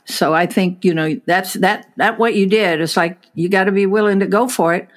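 A woman's voice: mid-range voice, normal speed, hardly any pauses. A woman host in a casual interview who asks questions, adds her own stories and laughs along with her guest.

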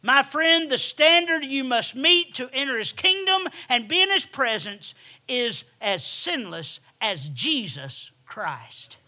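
A man preaching a sermon, emphatic and repetitive, swinging from hushed asides to shouted lines. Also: extremely high pitch, very animated, takes it slowly.

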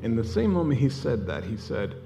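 A man's voice: mid-range voice, big pitch swings, brisk, vocal fry. A man preaching a sermon, telling a story with energy and acting out the voices of the people in it. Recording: hall reverb with music behind. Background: music.

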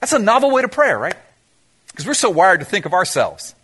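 A man's voice: sits high, very animated, fairly quick, a bit bright, breathy edge. A man preaching a sermon, asking the congregation rhetorical questions and mixing in humorous asides. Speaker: pastor.

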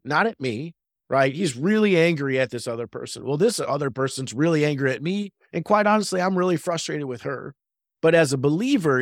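A man's voice: medium pitch, dry recording. An earnest man in his thirties tells a workplace story in casual podcast chat. He often checks in with his listeners by asking "right?" His mid-range voice sounds dry and close to the mic. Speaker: real estate agent and podcast co-host. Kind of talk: casual faith-based business podcast chat.

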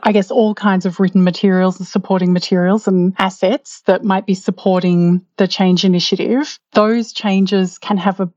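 A woman hosting an interview, asking questions and reflecting in a measured, thoughtful way. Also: medium pitch, steady tone, darkish tone, dry recording. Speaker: podcast host. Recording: dry, dull lo-fi audio.

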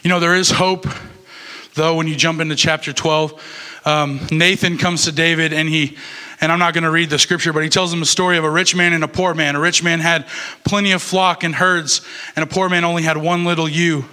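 A young man gives a youth sermon in an easygoing, conversational way, stumbling over a word here and there. His voice sits a little high and sounds bright and forward. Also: flat delivery, brisk, smooth. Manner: casual, conversational preaching with fillers. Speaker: youth pastor.

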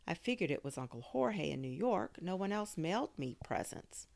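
A woman narrating a children's story in an expressive storytelling manner. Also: on the low side, normal speed, gravelly, few pauses. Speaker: audiobook narrator.

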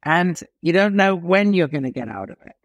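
A man from England telling a story as an interview guest, animated, with dramatic pauses and emphatic swings in pitch. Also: dry recording, highs cut off.

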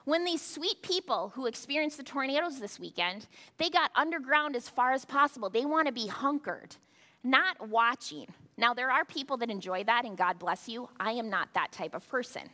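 A woman's voice: sits high, lively intonation, moderate pace, bright, forceful tone. A woman pastor giving a sermon, talking conversationally with rhetorical asides to the congregation. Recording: long hall reverb.

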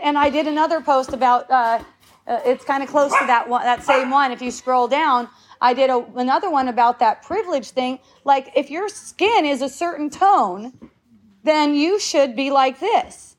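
A woman in her fifties talks casually to a group in a high-pitched voice at normal speed. She rambles and restarts her sentences, swears freely, and laughs often.

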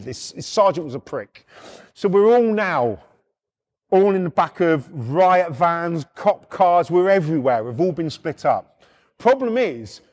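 A middle-aged man with a British accent, telling a rough anecdote in blunt, heavily profane casual speech. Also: a little high, a little mellow. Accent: British English. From United Kingdom. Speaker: storyteller.

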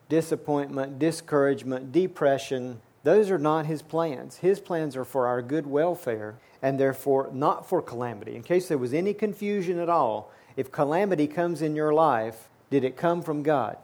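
A man preaching a sermon in an earnest, plain way. His voice sits a little high, with a mellow, soft-edged tone. He often repeats words as he builds toward each point. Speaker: pastor.

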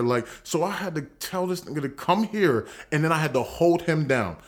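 Man, casual storytelling, animated, laughs a lot, acts out voices, mid-pitched. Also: fairly quick, few pauses.

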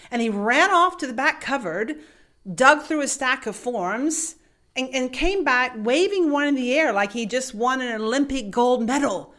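A woman from the United States telling a personal story as a motivational speaker, animated and vivid, laughing as she goes. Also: high-pitched, moderate pace. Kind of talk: storytelling talk.

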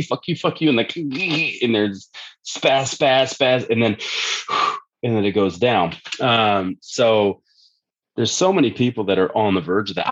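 Blunt, profane low-voiced man. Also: dull audio. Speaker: strength coach guest. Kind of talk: casual podcast chat.

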